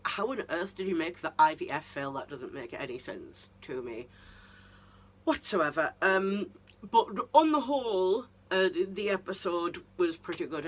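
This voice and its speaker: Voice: medium pitch, big pitch swings, normal speed. A vlogger giving a casual review monologue of a TV season, ranting and incredulous, with many restarts.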